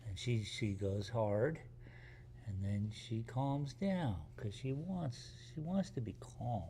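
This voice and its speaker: A man chatting on a live stream in a slow, unhurried way, his voice dropping to soft hushes and gentle praise as he settles a nippy puppy. Faint room noise sits behind him. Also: mid-range voice. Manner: soft, soothing talk to a puppy, hushing and praising. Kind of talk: casual live-stream chat. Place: art gallery workspace.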